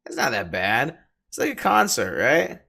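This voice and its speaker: A man's voice: medium pitch, wildly swooping pitch, moderate pace, vocal fry, a loud crowd. A man co-hosting a casual podcast, joking around, laughing often and trailing off mid-thought. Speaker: podcast co-host. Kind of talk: casual chat.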